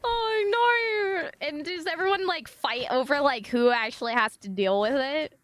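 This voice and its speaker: A woman's voice: high voice, moderate pace, fairly bright tone. A young woman streaming live, chatting casually with her viewers in a giggly, rambling, apologetic way.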